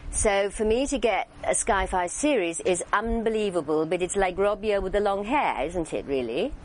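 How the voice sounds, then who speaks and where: A woman's voice: mid-range voice, moderate pace, a little hiss or hum, low-quality recording. An older woman with an English accent, telling anecdotes in an interview, chatty with many fillers and restarts. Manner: lively storyteller, acts out quoted voices. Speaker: actress interviewee.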